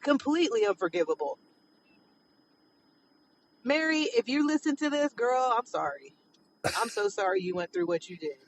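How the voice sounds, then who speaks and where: A man's voice: very high-pitched, big pitch swings, a little fast, distant mic, lo-fi sound. A man leaving an indignant, emphatic voicemail and repeating his points, with traffic noise behind him. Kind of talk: voicemail message.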